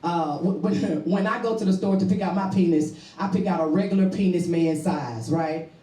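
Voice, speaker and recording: A woman doing a bawdy stand-up comedy set on stage, with loud punchlines. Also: fairly low pitch, normal speed. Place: stage before a live audience. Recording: roomy, distant mic with crowd laughter. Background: audience laughing.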